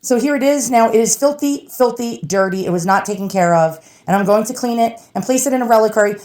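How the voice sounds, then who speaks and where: A woman's voice: a little high, fast talker. A woman with a New York accent who chats casually to viewers while she unboxes and cleans an old relic, talking straight to the audience. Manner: chatty, animated, talks to viewers directly. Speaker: relic restorer and video host.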